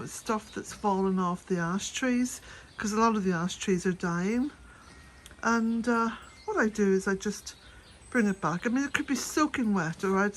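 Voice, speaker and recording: Irish woman, own voice, gardening vlog, chatty and laughing, slightly breathless outdoors. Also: mid-range voice. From west of Ireland. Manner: chatty, rambling, laughs often. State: a bit out of breath. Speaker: cottage gardening vlogger. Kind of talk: casual chat to camera. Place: outdoors at a cottage garden and shed.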